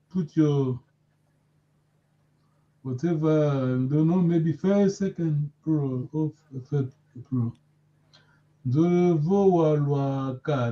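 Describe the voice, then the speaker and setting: A man teaching a live language lesson, patiently correcting his students' pronunciation with repeated prompts. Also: fairly high pitch. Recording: dull lo-fi audio.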